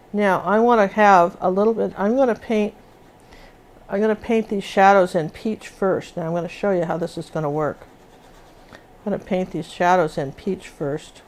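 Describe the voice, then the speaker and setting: An older woman teaching acrylic painting on a live show. Her voice sits a little low, and she chats along as she mixes colors, often stopping and restarting mid-sentence. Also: darkish tone. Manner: chatty, talks while working, restarts often. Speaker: painting instructor.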